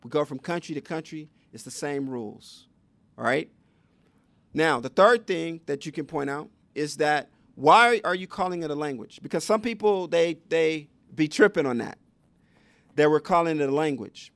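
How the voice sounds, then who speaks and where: A man's voice: fairly high pitch, moderate pace, fairly bright tone, no room sound. A man giving a public lecture on education, teaching conversationally and asking the audience rhetorical questions. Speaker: education speaker.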